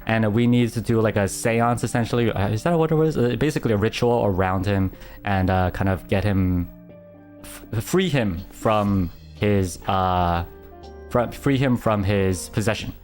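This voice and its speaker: A young man streamer telling a story in casual chat, animated, with stammering restarts and frequent laughter. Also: fairly low pitch, normal speed, faint music behind.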